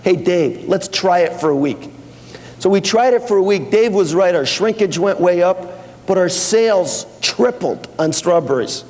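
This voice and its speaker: A man's voice: high-pitched, expressive, measured pace, a little mellow. A man speaking at a company seminar, telling anecdotes and quoting back-and-forth dialogue in a casual way. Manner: conversational, with fillers and restarts. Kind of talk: anecdotal business talk. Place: seminar hall with audience. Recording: long hall reverb.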